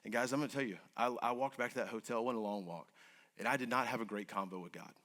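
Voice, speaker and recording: A man earnestly telling an emotional personal story to an audience, his voice moving between hushed and urgent. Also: mid-range voice, quick pace. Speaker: guest speaker.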